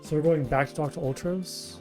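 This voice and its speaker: A man's voice: on the high side, steady tone, a little fast, a little mellow. A young man chatting casually and with amusement while streaming a video game from home. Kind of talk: casual gameplay commentary. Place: home gaming setup. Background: game music.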